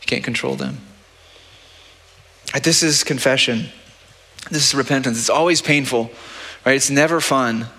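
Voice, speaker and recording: A man's voice: medium pitch, normal speed, long pauses, pushed and bright, breathy edge. A man preaching a sermon as pastor, talking in a conversational, practical way and often checking in with the listeners by asking "right?". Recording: long church-hall reverb.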